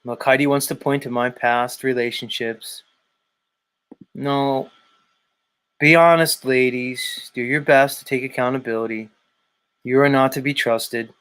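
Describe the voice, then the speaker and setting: A man's voice: mid-range voice, steady tone, a little slow, pauses often, a bit bright, clear, resonant tone. Male stream host, casual and emphatic, hammering points with repetition. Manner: blunt, repetitive, emphatic lecturing. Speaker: show host. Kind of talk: casual live-stream chat reading viewer comments.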